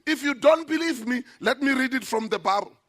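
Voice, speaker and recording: A man preaching a sermon as a pastor in a church, emphatic, with sudden shouted lines. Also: very high voice, animated, brisk.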